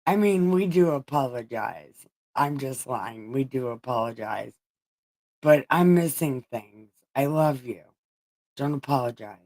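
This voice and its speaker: Woman, livestream host, casual Bible reading, slow pace, swearing, laughing asides. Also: extremely low pitch. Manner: crude, swearing, laughing asides, chatting to viewers.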